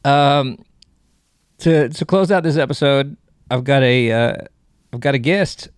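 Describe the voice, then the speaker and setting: A man's voice: medium pitch, unhurried, clear, resonant tone, no echo, clean studio sound. A man hosting a comedy podcast, rambling through jokes and cutting himself off mid-sentence. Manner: rambling, self-interrupting, joking. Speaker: podcast host.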